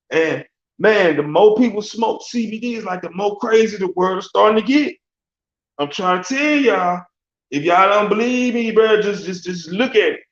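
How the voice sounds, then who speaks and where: Rambling man, gravelly, echoey room. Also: high-pitched. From Alabama. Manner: loose, slangy and rambling, laughs often. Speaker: sports talk host. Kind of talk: casual sports rant. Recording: echoey room, dull lo-fi sound.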